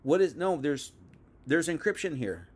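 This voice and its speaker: A man's voice: a little high, big pitch swings, a little slow, husky. A young man giving a casual, conversational Bible teaching, full of asides and restarts. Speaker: preacher.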